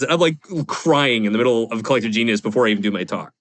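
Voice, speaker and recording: A man's voice: medium pitch, animated, fast talker, fairly bright tone. A man in his forties, a podcast guest, telling a personal story candidly in a rambling, confessional way with lots of fillers. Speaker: podcast guest, real estate investor.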